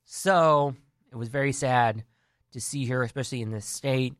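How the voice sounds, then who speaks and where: A man's voice: mid-range voice, normal speed, a bit bright, clean tone, no echo, studio quality. A man giving casual wrestling news and opinions, earnest and rambling, often restarting his sentences. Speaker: wrestling commentary vlogger.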